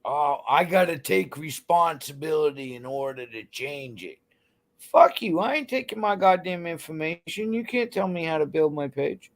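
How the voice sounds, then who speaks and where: This is a woman's angry livestream rant to chat, delivered bluntly with constant cursing. She has a low, expressive voice and keeps a moderate pace.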